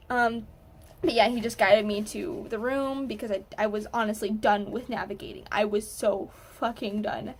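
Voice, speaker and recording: A woman student recapping a game to her viewers in a casual, animated way, swearing now and then. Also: medium pitch, normal speed, slightly rough. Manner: animated, excitable, swears freely. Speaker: gaming vlogger, student.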